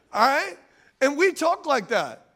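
High-voiced preaching pastor, animated. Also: male voice, takes it slowly. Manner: animated, conversational preaching with asides to the congregation. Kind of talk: sermon.

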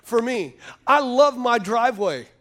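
A man's voice: very high-pitched, expressive, measured pace, fairly bright tone. A man preaching a sermon, telling folksy stories and calling out to the congregation. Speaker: pastor.

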